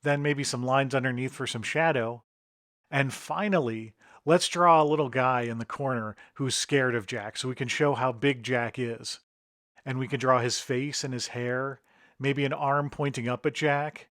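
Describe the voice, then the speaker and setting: A man's voice: mid-range voice, steady tone, moderate pace, a bit bright, no echo, clean studio sound. A middle-aged man, an author and illustrator, leading a step-by-step drawing tutorial. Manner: step-by-step instructive.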